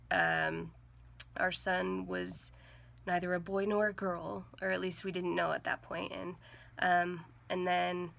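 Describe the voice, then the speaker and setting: A young woman vlogger telling a personal story to the camera in an earnest, halting way, with many "like"s and "um"s. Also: lowish voice, creaky, pushed and bright. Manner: earnest, halting, heavy with fillers like "like" and "um".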